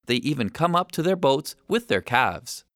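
A man's voice: fairly high pitch, normal speed, no echo. Guy reading a kids story, voice all over the place, dry close sound. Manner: expressive reading. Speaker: narrator. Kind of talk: storybook narration.

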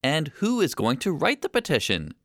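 A man's voice: a little high, wildly swooping pitch, normal speed, fairly bright tone, no room sound, clean studio sound, heavily acted. A man voicing a curious, insistent young girl in a storybook reading.

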